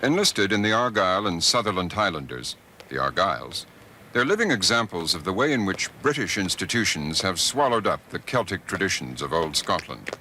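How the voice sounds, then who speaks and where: A middle-aged man narrating a documentary as host, measured and expressive. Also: sits low, background noise. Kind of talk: scripted narration.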